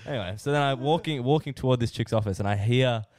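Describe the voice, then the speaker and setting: A man's voice: mid-range voice, fast, darkish tone, dry recording, studio quality. A young man with an Australian accent, rambling through a story in casual podcast chat, swearing freely and laughing as he talks. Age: young adult. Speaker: podcast co-host.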